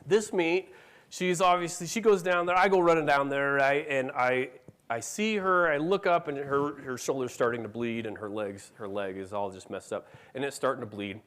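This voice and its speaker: A man's voice: mid-range voice, normal speed, fairly bright tone. A middle-aged man giving a conference talk, telling a story about his family and acting out their dialogue. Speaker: conference speaker. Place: conference room.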